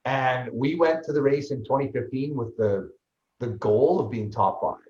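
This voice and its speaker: A man, a guest on an interview show, telling his story in a lively, fast way with many restarts. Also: mid-range voice. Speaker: guest, ultraman athlete and trainer. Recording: roomy, slightly dull sound.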